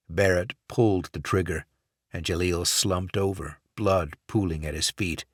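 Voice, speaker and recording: A man narrating a thriller audiobook in a measured, steady scripted read. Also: low-pitched, breathy edge, dry recording, studio quality.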